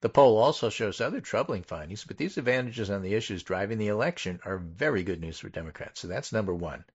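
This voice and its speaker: A low-pitched man talks through political poll findings in a measured way and leans on each figure. The audio is dull and lo-fi. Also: lively intonation, slightly rough. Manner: methodical, pauses to stress numbers. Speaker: political podcast host. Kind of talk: casual political chat, reading poll findings.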